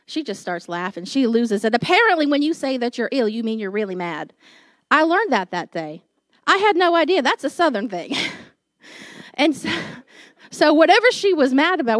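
A woman pastor giving a sermon, telling a personal story in a chatty, animated way and laughing at herself. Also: sits high, moderate pace, no room sound.

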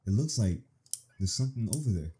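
A young man gives profane, excited let's-play commentary, talking to the game as he plays. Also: on the low side, fairly quick, a little hiss or hum. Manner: profane, animated reactions, talks to the game. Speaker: gaming streamer.

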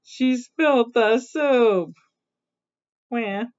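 A woman's voice: fairly high pitch, animated, unhurried. Chatty woman reading a picture book. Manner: chatty, stops to explain and laugh. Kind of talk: casual read-aloud storytelling. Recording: dull lo-fi recording.

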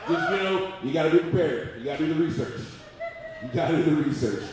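A man in his forties doing a loud, profane stand-up comedy routine at a live venue. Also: on the high side, lively intonation, fast. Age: 40s. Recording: echoey room, mic far off, audience noise.

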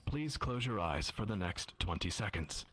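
A man narrating an interactive adventure show in a measured, announcing way. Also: on the low side, expressive. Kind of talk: live dramatic narration. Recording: crowd chatter behind.

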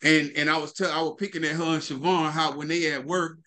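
Middle-aged minister guy, high voice, real casual and straight-talking, on a video call. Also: steady tone, fairly quick, pushed and bright. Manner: plain-spoken, conversational, repeats "you know what I'm saying". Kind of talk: casual Bible study discussion.

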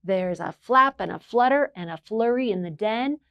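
A woman reading and singing at a children's storytime as the librarian, in a slow, clear sing-song manner. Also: medium pitch, lively intonation, no echo, muffled recording.

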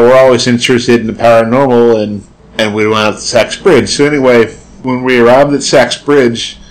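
A man guesting on an interview in a shop, telling his anecdotes in a chatty, meandering way. His voice sits at an average pitch. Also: rough recording. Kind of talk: anecdotal storytelling. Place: shop, indoors.

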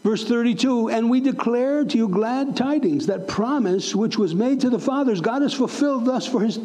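Middle-aged male pastor, high and soft-toned, emphatic sermon delivery with repeated questions to the room. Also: moderate pace, poor audio. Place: church sanctuary.

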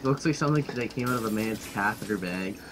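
An Irish man raging and swearing constantly while gaming over voice chat. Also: quick pace. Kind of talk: casual profane gaming chat. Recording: loud noisy low-quality voice chat.

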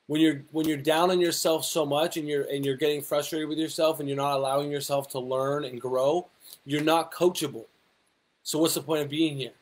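A man's voice: fairly high pitch, steady tone, normal speed. A young adult man, a fitness coach, giving casual motivational advice with lots of rhetorical questions and fillers. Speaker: fitness coach and personal trainer. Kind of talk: casual motivational talk to camera.

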